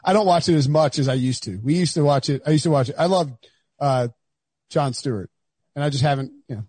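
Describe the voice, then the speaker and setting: A man co-hosting a podcast, rambling through casual banter with frequent laughs and quick asides. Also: fairly high pitch, darkish tone, husky, no room sound. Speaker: podcast co-host.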